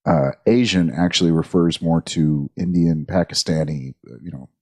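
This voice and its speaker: A man's voice: rumbling low, moderate pace, a little mellow. A man co-hosting a podcast, talking in an easygoing, agreeable way as he explains things. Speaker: podcast co-host. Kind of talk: casual chat.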